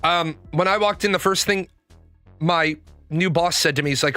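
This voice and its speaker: Bright-voiced man telling rambling stories. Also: a little high, fairly even intonation, normal speed, dry recording, soft background music. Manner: rambling anecdotal storytelling with swearing. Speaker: live streamer. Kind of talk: casual livestream chat.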